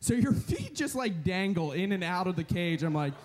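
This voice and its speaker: A young man giving a storytelling sermon at a retreat, animated and chatty with lots of filler words. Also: high-pitched, normal speed. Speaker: retreat speaker.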